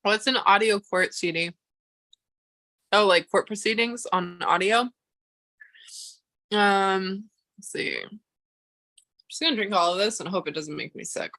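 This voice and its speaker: A woman's voice: medium pitch, unhurried, long pauses, sharp tone. A young woman chatting casually to her livestream audience, rambling off on tangents and breaking into exasperated, swearing rants.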